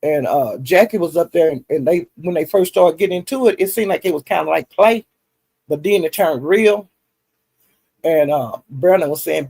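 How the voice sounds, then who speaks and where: A man's voice: on the high side, animated, moderate pace, gravelly, darkish tone, breathy edge. A man, recapping online drama in a rambling, folksy way full of fillers. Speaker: YouTube commentary host.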